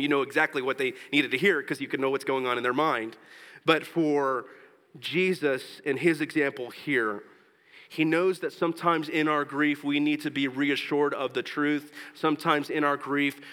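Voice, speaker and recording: Male pastor, mid-pitched, earnest sermon delivery, long hall echo. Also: a bit bright. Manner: earnest, rises in pitch and force when exhorting; slows down for scripture and tender points.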